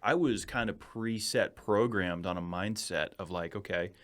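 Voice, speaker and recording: A man's voice: sits low, normal speed, fairly bright tone. A man from New Hampshire hosting a podcast, earnest and agreeable in casual chat.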